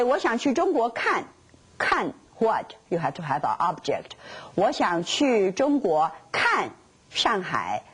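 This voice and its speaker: Slow, husky woman teaching Chinese. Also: mid-range voice, poor audio. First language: Mandarin Chinese. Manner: explains Chinese words slowly in careful non-native English. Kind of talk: bilingual language lesson.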